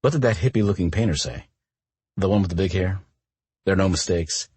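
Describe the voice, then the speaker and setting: A man's voice: low voice, brisk, darkish tone, slightly rough, no echo, voice pushed up. A man voicing a bold, blunt young woman roommate who teases her friend, in a romance audiobook. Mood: teasing. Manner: brash, blunt, playful.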